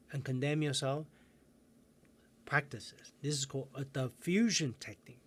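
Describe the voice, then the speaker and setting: A man coaching viewers in a self-help video lesson, calm and guiding, slowing down with pauses for breathing exercises. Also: medium pitch.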